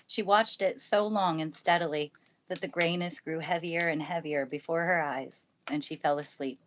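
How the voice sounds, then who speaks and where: A woman with a lowish voice reads a classic children's book aloud in a calm, steady manner. She is recorded with a studio mic in a family room by the fireplace. The sound comes across a bit dull and lo-fi. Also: moderate pace, slight background noise. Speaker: narrator. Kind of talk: live storybook reading aloud. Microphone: good studio mic.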